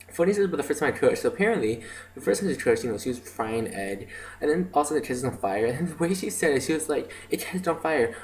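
Here a man with a medium-pitched, slightly mellow voice tells stories for his casual video diary. The recording is low quality, and his talk wanders, packed with "like" and "um."

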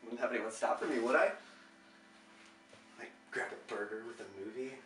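A man's voice: medium pitch, moderate pace, lightly acted. An actor playing a resentful man who mouths off defiantly. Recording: echoey room from a distance, faint noise.

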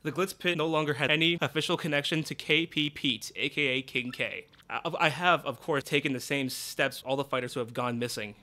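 A man voicing a reserved, formal female manager, speaking low and quietly. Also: a little fast, few pauses.

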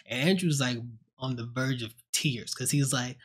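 A man's voice: medium pitch, moderate pace, fairly bright tone, slightly rough. A man giving a casual spoken movie review at home on a close mic, retelling scenes with jokes, swearing and acted-out quotes. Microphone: own desk mic, close.

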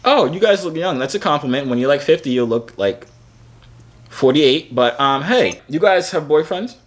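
A man's voice: a little high, very animated, moderate pace, slight background noise. A man in his twenties chatting casually on a video chat app, playful, teasing and boastful. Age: 20s. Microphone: phone on a video chat app.

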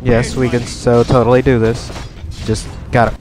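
A man gives running commentary on a strategy game, panicky and cursing constantly. His voice sits in a middle pitch. Loud game music and gunfire play behind him. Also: fairly even intonation, a little slow. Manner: panicky, swearing, frantic. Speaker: gamer. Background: game music and battle sounds.

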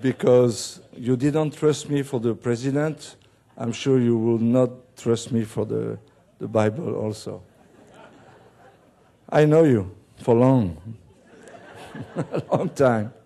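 Male missionary pastor, slow delivery, mellow tone, halting sermon with gentle humor. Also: medium pitch, gravelly. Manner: halting, with many restarts and fillers. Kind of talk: sermon with light joking. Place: church service.

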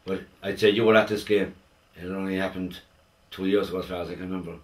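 A man's voice: deep voice, steady tone, fast talker. A man, a football supporter thinking aloud in an interview. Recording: distant from the microphone.

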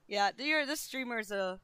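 A high-pitched young woman streamer with a bright, crisp voice, talking to her chat. She sounds flustered and self-deprecating and swears freely as she vents. Dry, close sound. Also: no echo. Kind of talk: casual livestream talk to chat.

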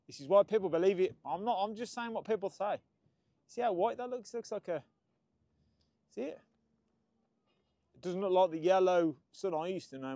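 A man's voice: sits high, mellow, dry recording. A man hosting a casual livestream outdoors, chatting and greeting viewers by name. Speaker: livestream host. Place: outdoors in sunshine.

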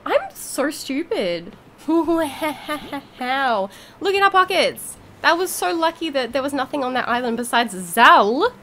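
A woman giving casual gameplay commentary as a YouTuber, gushing, giggly and excitable, with mild swearing. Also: sits high, takes it slowly, a little hiss or hum. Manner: bubbly, giggly. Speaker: gaming YouTuber.

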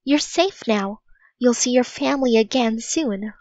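A caring young girl speaks in a raised, pleading voice full of gentle reassurance, as a woman reading a storybook puts her on. She talks slowly and clearly. The sound is dry and a little dull and lo-fi. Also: fairly high pitch, no room sound, voice pushed up. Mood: soothing. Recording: dull lo-fi recording.

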